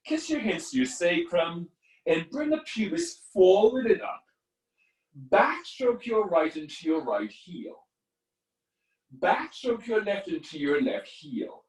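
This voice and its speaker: Man guiding a yoga class, lively. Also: high voice. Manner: calm guiding cues with warm asides to students. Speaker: yoga instructor. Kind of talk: live online yoga class instruction. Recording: echoey room from far off.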